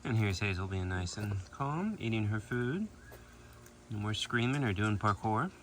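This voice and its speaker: A man's voice: on the low side, animated, normal speed, rough recording. Chatty man at an outdoor animal sanctuary. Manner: chatty, many "like" and "you know" fillers. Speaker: animal sanctuary keeper and vlog host. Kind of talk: casual vlog chat. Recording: outdoor noise in the background.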